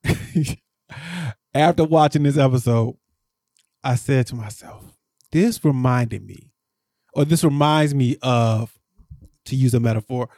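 A man co-hosting a podcast, rambling through a casual recap and jumping up in pitch when he gets exasperated. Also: slow, long pauses, darkish tone, dry recording, clean studio sound. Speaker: podcast co-host.

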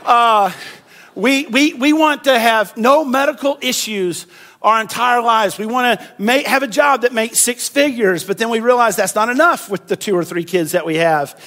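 A man preaching a conversational sermon, acting out quotes with animated delivery. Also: very high voice, moderate pace. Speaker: pastor.

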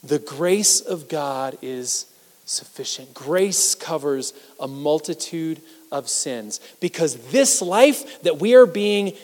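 A man preaching a sermon as pastor, talking conversationally and self-deprecatingly, swinging between loud emphasis and hushed asides. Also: a little high, animated, slow. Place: church sanctuary. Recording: reverberant church hall.

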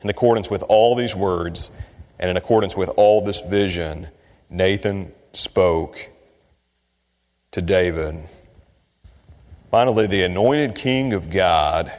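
A man from Kentucky preaching a sermon, shifting his pace and pitch for emphasis as he quotes scripture. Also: slow, long pauses. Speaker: pastor. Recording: long hall reverb.

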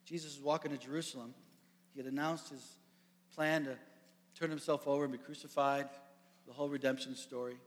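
A man preaching a sermon, animated and storytelling, acting out the characters. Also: medium pitch, a little fast, long pauses. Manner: animated storytelling, acts out voices. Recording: echoey hall.

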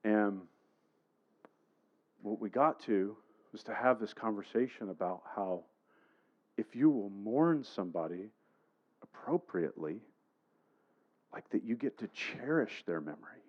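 Low-voiced pastor telling a story. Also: male voice, expressive, unhurried, long pauses, dull audio. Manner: storytelling, conversational, addresses the congregation. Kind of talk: sermon.

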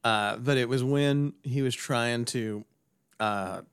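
A man co-hosting a casual podcast chat, animated and laughing often, slipping into voice impressions. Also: mid-range voice, takes it slowly, smooth. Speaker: podcast co-host.

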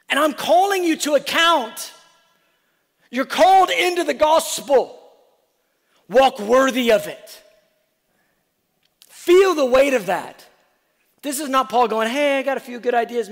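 A man preaching a sermon as a pastor, acting out back-and-forth dialogue and swinging between loud urgent lines and hushed ones. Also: very high voice, expressive, unhurried, creaky, long pauses, in a large hall. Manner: acts out dialogue with the apostle in different voices.

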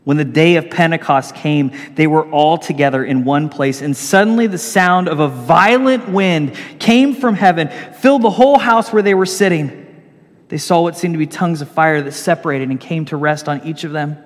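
A man preaching a sermon, telling stories with animated swings between loud and hushed delivery. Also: a little high, moderate pace, big-room sound. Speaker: pastor.

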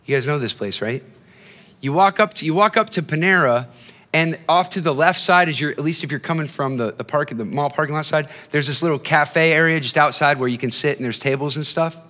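A man's voice: a little high, brisk, sharp tone. A male pastor preaching a sermon in a conversational, storytelling way, often restarting his phrases. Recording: long hall reverb.

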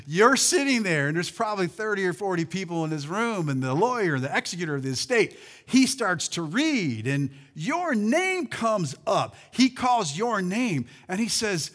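High-voiced animated male preacher. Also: moderate pace. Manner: animated preaching with call-and-response and swings in loudness. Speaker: pastor. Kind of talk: sermon. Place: church sanctuary.

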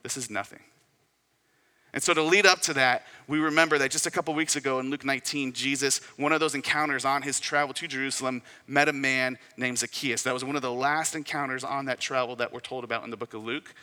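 A man gives a sermon in a loose, conversational manner, telling it like a story and voicing short quotes along the way. His voice is very bright and sits at a middling pitch. The sound rings out with the long reverb of a large hall. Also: steady tone, fast, few pauses. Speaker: pastor.

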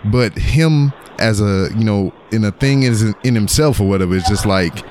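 A man's voice: lowish voice, moderate pace, a little mellow, slight background noise. A man in casual podcast chat, talking in a loose, rambling way with plenty of swearing.

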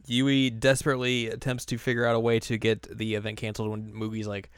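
A young man talks through an anime recap in a relaxed podcast chat, slipping into voices for the characters. His voice sits a bit low and sounds smooth, recorded close and dry. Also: quick pace, no room sound. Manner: animated storytelling, jumps into quoted voices. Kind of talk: casual chat.

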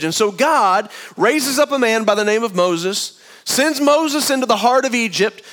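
A man's voice: sits high, a bit bright. A man preaching a sermon to a congregation, retelling the story in a chatty, storytelling way and speaking straight to the room.

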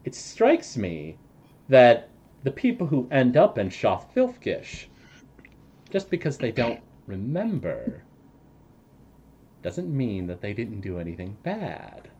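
A man's voice: mid-range voice, wildly swooping pitch, takes it slowly, long pauses, mellow, husky. A man narrating as game master of a tabletop game, hesitant with many fillers and jokes.

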